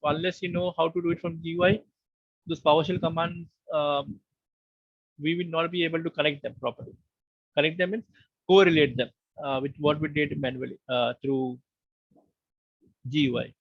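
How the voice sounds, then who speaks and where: Gravelly male instructor. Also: a little high, flat delivery, moderate pace, pauses often, no room sound. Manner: patient, explanatory, conversational. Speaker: online course instructor. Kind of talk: live online lecture. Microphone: online meeting call. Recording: muffled online call audio.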